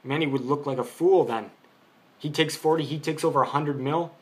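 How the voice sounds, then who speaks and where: A man's voice: fairly high pitch, normal speed. Argumentative man ranting about boxing. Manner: argumentative, rambling with restarts. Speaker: boxing commentator. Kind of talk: unscripted opinion vlog.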